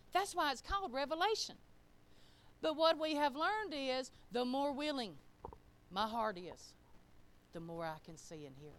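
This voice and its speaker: A woman delivers a sermon in a smooth, clear voice that sits a little high. She talks to the congregation plainly, in everyday grammar, and swings from loud, driving emphasis to soft, low asides. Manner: conversational, with colloquial grammar. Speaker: preacher.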